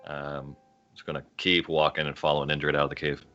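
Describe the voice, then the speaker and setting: Casting: easygoing male player, very deep but bright voice, laughs readily. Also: a little fast, dull audio, soft background music. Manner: relaxed, laughs easily. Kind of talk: casual tabletop game chat.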